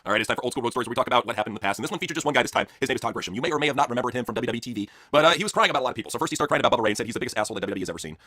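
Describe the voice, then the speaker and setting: A man's voice: mid-range voice, lively intonation, racing, hardly any pauses, sharp tone, no room sound. A man co-hosting a casual, crude, joking wrestling chat show. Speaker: podcast co-host.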